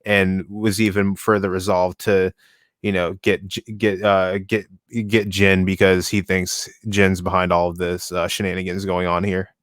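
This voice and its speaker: Man with a flat, smooth, dry voice. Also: low voice, dry recording. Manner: halting, searching for words mid-sentence. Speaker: co-host reading the series. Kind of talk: casual discussion stream.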